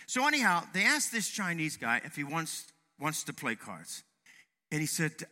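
Brief: middle-aged male pastor, lively and emphatic, bright cutting tone. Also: fairly high pitch, moderate pace. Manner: emphatic, swings from loud to hushed. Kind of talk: sermon. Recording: long hall reverb.

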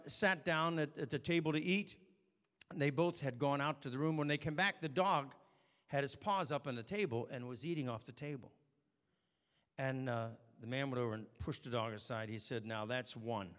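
A man preaching a sermon, telling stories and moving between quiet asides and shouted warnings. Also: medium pitch, long reverb tail.

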